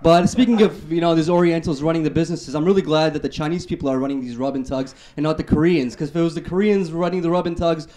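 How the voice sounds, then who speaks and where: A man's voice: on the high side, steady tone, fast, few pauses, mellow. Young man doing punchy stand-up. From Canada. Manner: punchy one-liner delivery. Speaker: stand-up comedian. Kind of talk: stand-up set.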